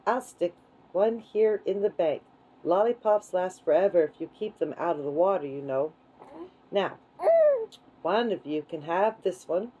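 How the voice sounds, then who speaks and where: A woman voicing a calm, resourceful boy adventurer who speaks politely and reassuringly. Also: on the low side, measured pace, slightly rough, low-quality recording.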